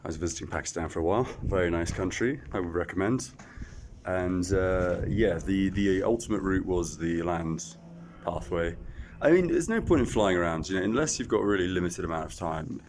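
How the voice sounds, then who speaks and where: A man's voice: sits low, a little fast, background noise. A man casually vlogging about his travels, rambling with fillers and self-deprecating asides. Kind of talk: casual travel vlog talk to camera. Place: echoey outdoor site.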